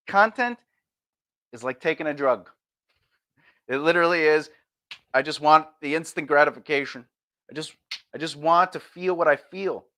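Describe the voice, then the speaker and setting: A man giving marketing advice in an animated lecture, acting out quick voices and punchy phrases. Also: high-pitched. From Sicilian family. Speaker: marketing coach.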